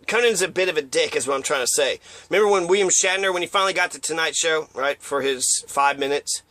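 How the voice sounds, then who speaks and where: A man's voice: on the high side, quick pace, pushed and bright. A man giving a rambling, profane monologue of opinions, now and then acting out quotes in mocking voices. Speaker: commentator.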